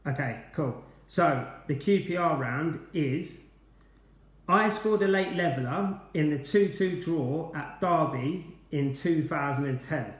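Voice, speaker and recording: A cheerful man runs a quiz over a live stream, chatting and calling out viewers' names between questions. His voice sits a bit high for a man. The room around him is echoey. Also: slow pace. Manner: chatty, upbeat, greeting viewers by name. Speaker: quiz host, former player.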